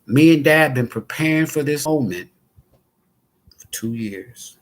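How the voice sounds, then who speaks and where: A man's voice: a little high, expressive, unhurried. A middle-aged man telling a heartfelt personal story about his late father, earnest and folksy in plain speech.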